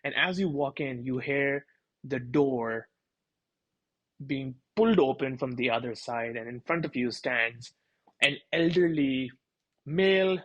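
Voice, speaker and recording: A man's voice: medium pitch, unhurried, dull audio. A man narrating a tabletop game as dungeon master in a loose, chatty way full of fillers.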